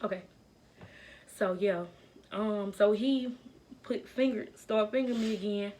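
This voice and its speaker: A woman's voice: medium pitch, measured pace, darkish tone. A young adult woman telling a personal story in a vlog, speaking in an earnest, emotional way.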